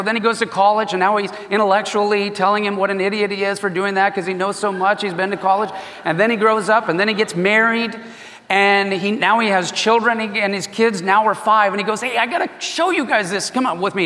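A man preaching a sermon as a pastor, telling stories in an animated way and acting out the voices in them. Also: high-pitched, long reverb tail. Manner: animated storytelling, acts out quoted voices.

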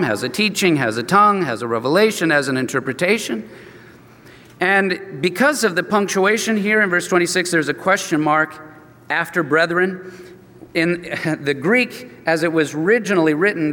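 An older man, a pastor, preaching an expository sermon in a relaxed, conversational way and acting out the dialogue of his stories. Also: sits high. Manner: conversational, acts out quoted dialogue. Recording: long reverb from a large hall.

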